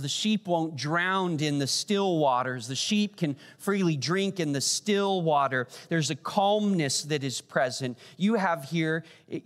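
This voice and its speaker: A man preaching a sermon as pastor, animated and rising high for emphasis. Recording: long church hall reverb.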